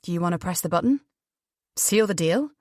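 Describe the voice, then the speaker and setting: A smug, joking young man, as a woman narrator puts him on, dropping her voice into a wry, offhand drawl. The delivery stays lively in pitch and dry in sound. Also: fairly quick, dry recording, natural voice. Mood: cocky teasing.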